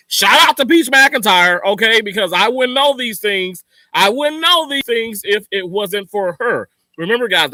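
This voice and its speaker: A man with a high, bright voice talks straight to his viewers, hammering the same points again and again to fire them up. The sound is dry and close. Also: dry recording. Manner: emphatic, repetitive, motivational. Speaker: channel host. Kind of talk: casual livestream talk to viewers.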